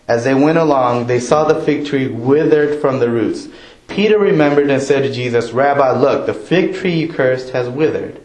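A male preacher delivers a sermon in an easy, conversational way and keeps asking his congregation questions. He speaks at an unhurried pace. His voice carries the roomy echo of a church hall. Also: mid-range voice, a little mellow.

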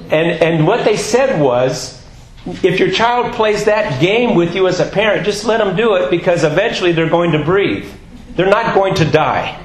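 A man with a fairly high voice preaches to a congregation, mixing comic storytelling with earnest exhortation. His voice rings through a very echoey hall with a faint hiss of noise behind it. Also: expressive, moderate pace. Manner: storytelling, jokey, swinging between quiet asides and raised preaching. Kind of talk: sermon with humorous personal story. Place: church hall.

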